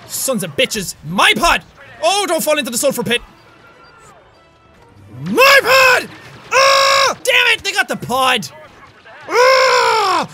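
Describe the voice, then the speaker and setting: High, bright-voiced excitable gamer man. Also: a little fast, slight background noise. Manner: excitable, swears a lot, yells at enemies. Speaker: gaming channel host. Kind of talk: gameplay commentary.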